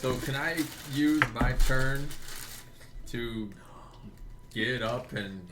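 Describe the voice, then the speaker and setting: A man's voice: mid-range voice, extremely slow, heavy background noise. A man playing in a tabletop game, joking and hesitating with frequent ums as he decides what to do. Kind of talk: casual game chat.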